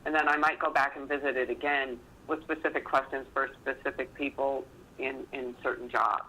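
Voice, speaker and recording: A man as a guest author, answering interview questions in a relaxed, thoughtful way. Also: mid-range voice, fairly quick, slight background noise, low-quality recording.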